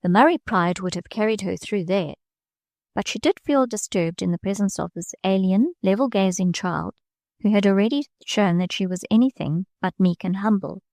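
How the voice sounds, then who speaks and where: A woman narrating a classic novel as an audiobook, reading in a measured way and lifting her voice slightly for the characters' lines. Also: darkish tone, no room sound. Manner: measured reading, small lifts of pitch for quoted characters.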